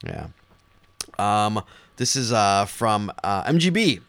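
A man's voice: on the low side, very animated, slow, fairly bright tone, a little hiss or hum. Giggly man reading listener emails. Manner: giggly, reads emails aloud with teasing asides. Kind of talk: casual podcast chat.

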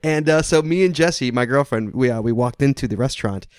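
A man's voice: mid-range voice, fairly quick, a little mellow, clear, resonant tone, dry recording, studio quality. A man co-hosting a podcast in casual chat, telling stories with frequent laughs and restarts. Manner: rambling, laughing, restarts often. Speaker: podcast co-host.

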